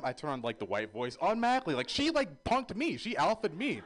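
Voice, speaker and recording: A man doing stand-up in a comedy club, self-deprecating and chatty. His fairly high voice leaps up and down as he tells stories and acts out other people. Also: big pitch swings, quick pace, hardly any pauses.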